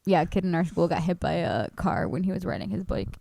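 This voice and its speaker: A woman's voice: fairly low pitch, big pitch swings, fast talker, vocal fry, dark tone, slight background noise. A young American woman co-hosting a podcast, telling stories in casual chat with lots of fillers and some swearing. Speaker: podcast co-host.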